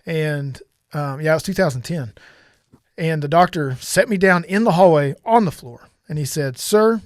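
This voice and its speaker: A man's voice: a little high, moderate pace, dry recording, studio quality. A middle-aged man earnestly telling a personal story on a podcast, rambling and often restarting his sentences. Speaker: podcast guest sharing testimony.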